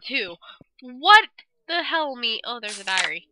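A young woman casually commenting as she plays a game, reacting loudly and swearing freely. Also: fairly high pitch, unhurried, no room sound, rough recording. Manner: expressive and swearing, reads dialogue aloud. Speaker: let's play gamer.

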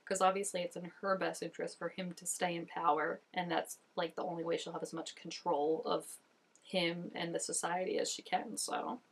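A young woman hosts a reaction video, chatting casually and packing her commentary with constant "like" fillers. Her voice is lowish and slightly rough, with a level tone and normal speed.

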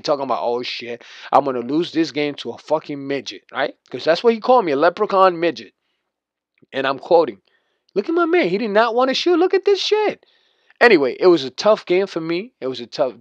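Over video game footage, an adult man rants boastfully, swearing and trash-talking as he commentates. His voice is on the high side, and the recording is dull, lo-fi and dry.

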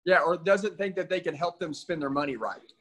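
A man's voice: a little high, fairly quick, fairly bright tone, poor audio. A man interviewing a salesman, prompting him with encouraging questions. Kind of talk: casual interview talk.

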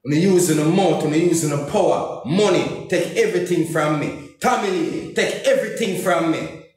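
A man's voice: on the high side, moderate pace, a little mellow. A man with a Jamaican accent venting heatedly on social media, cursing and repeating himself as he speaks in Patois. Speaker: comedian and YouTuber. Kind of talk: angry social media rant. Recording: very echoey room.

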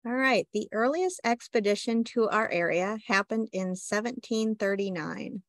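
A woman presents local history in a steady, informative way, speaking at a middling pitch. Now and then she drops in a light self-deprecating aside. The recording is dry and close, with no room sound. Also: moderate pace, no room sound. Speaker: library reference assistant.

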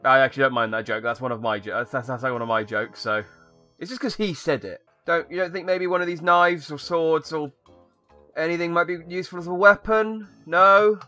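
A man's voice: fairly high pitch, brisk, sharp tone, faint music behind. A young man giving sarcastic, rambling commentary while playing a video game. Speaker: gaming YouTuber. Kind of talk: sarcastic let's-play commentary.

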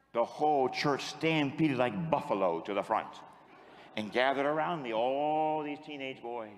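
Man preaching in a reverberant church. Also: mid-range voice. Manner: storytelling preacher leading the congregation in call-and-response. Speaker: priest. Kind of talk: sermon.

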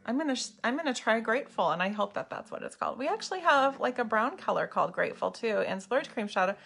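A woman's voice: on the high side, expressive, fast talker, gravelly, fairly bright tone, slightly rough. A woman chatting casually with viewers while she demonstrates eye makeup on a live video at home. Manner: chatty, bubbly, talks to viewers by name. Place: home room lit by ring light and window light.

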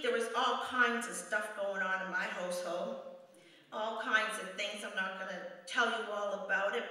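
A woman giving a testimony sermon at a church service, emphatic and repetitive for effect, dropping to a hush for stories. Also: fairly high pitch. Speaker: guest speaker at a church service. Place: church sanctuary. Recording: echoey church hall from far off.

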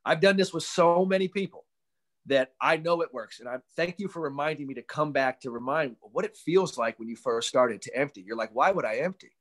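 A man who coaches mental performance, a guest on a casual podcast interview over a video call. He tells stories with animated energy, swears casually and acts out the voices of people he quotes. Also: on the high side, fairly quick.

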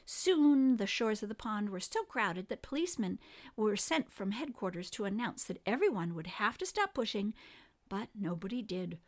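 A woman reading a children's book aloud in an expressive, lively storytelling manner. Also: mid-range voice, normal speed.

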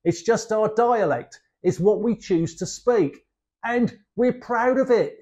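An older man with a broad Cockney accent speaks slowly, his voice sitting high for a man. He explains slang cheekily, with playful asides. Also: mellow, muffled recording. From East End of London. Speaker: guest dialect speaker.

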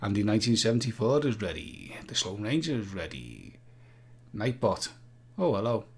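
A man's voice: on the low side, very animated, normal speed, slightly rough. A man hosting a live-stream vaping quiz, playful and jokey, humming jingles and reading out viewers' answers. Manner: jokey, sings jingles, reads out viewer names. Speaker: livestream quiz host.

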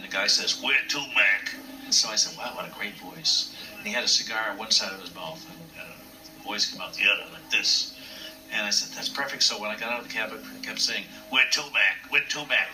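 An older man, a puppeteer, telling stories from his career in an interview, acting out the voices he quotes. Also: lowish voice. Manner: warm, anecdotal, acts out quotes. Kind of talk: reminiscing interview storytelling. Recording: distant mic with faint room noise.

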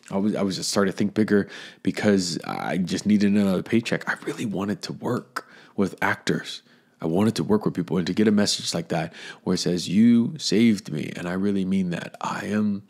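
Deep-voiced earnest male podcast host. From Florida, USA. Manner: earnest and emotional, repeats phrases, drops to a hush when moved. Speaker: podcast host and acting coach. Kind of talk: solo podcast monologue.

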